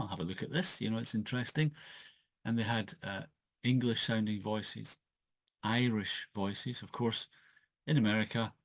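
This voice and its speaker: Man, Scottish accent, lowish voice, hesitant, fillers and restarts, laptop mic, dry room. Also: dry recording. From Scotland. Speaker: author and channel host. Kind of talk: casual solo podcast talk. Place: home office with wooden desk. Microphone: laptop built-in microphone.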